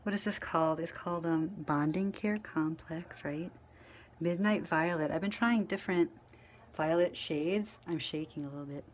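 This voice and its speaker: A woman vlogging casually to camera, telling a rambling story full of fillers and restarts, mostly quiet and low, getting louder when she acts out what people said. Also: normal speed, slight background noise. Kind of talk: casual storytelling to camera while dyeing her hair.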